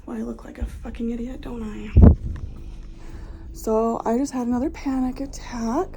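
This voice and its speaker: Passionate woman venting on her vlog, kinda high, husky crackly voice, swears a lot. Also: steady tone, normal speed. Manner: passionate and blunt, swears freely; candid, recounting events with strong feeling. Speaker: vlogger. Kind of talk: casual vlog storytime.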